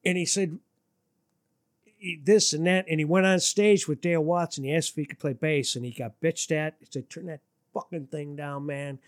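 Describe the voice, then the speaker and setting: Speaking at a moderate pace, this man from Detroit is a musician guest spinning stories in a relaxed interview. He animates them by jumping his voice high on quoted lines, and the studio sound is clean and dry.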